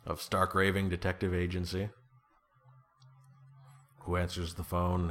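A man's voice: sits low, little pitch movement, moderate pace, long pauses, a bit bright. A man talking as an author guest in a casual interview, playful, laughing often and slipping into comic voices.

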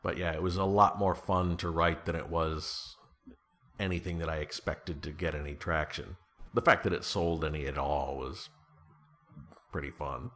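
A man's voice: extremely low pitch, fairly even intonation, normal speed, fairly bright tone. A man talking as an author guest in a casual interview, playful, laughing often and slipping into comic voices.

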